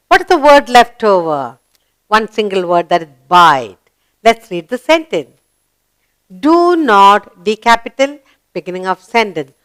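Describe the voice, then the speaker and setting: A woman's voice: medium pitch, a bit bright, smooth, no echo. A woman teaching a grammar lesson to young children, spelling letters out and asking encouraging questions.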